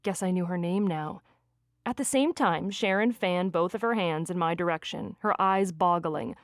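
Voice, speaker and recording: A woman reading a first-person romance audiobook with lively, expressive delivery on a close studio mic. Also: lowish voice, normal speed, no echo. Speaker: audiobook narrator.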